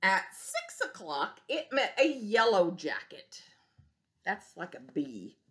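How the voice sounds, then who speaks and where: A woman preschool teacher reading a picture book aloud to young children, gentle and expressive, asking them questions. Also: mid-range voice, takes it slowly.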